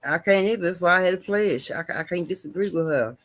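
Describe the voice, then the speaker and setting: A man's voice: high voice, quick pace, a bit bright. A man hosting a casual chat, emphatic and repeating himself for effect. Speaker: host.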